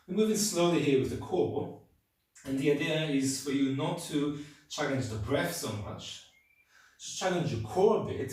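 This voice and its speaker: A man leading a yoga class, calmly cueing each move and counting down the holds, slightly breathless as he demonstrates along. His voice sits at an ordinary middle pitch and is heard from a distance. It rings around a very echoey room. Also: slight background noise. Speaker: yoga instructor. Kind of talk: guided yoga class instruction. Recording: very echoey room, mic far off.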